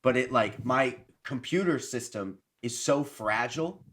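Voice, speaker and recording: A man's voice: medium pitch, expressive, unhurried, fairly bright tone. A young man co-hosting a podcast, rambling and self-deprecating in casual chat, often exasperated. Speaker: podcast co-host.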